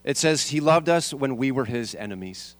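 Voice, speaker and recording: A man's voice: mid-range voice, lively intonation, normal speed, no room sound. A man preaching a sermon as a pastor, asking the congregation rhetorical questions and repeating his key lines.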